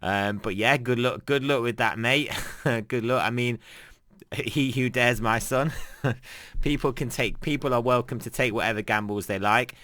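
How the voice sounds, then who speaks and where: Young male commentator, rambling chat, bright clear voice, dry close sound. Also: mid-range voice, normal speed, no room sound. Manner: rambling, many fillers and restarts, chuckles often. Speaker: crypto trading commentator. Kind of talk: casual market commentary.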